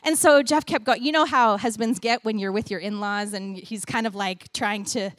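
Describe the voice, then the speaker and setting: A middle-aged woman giving a sermon with a children's object lesson, animated and playful as she talks to the kids and the congregation. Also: mid-range voice, moderate pace, dry recording. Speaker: church speaker giving a children's message.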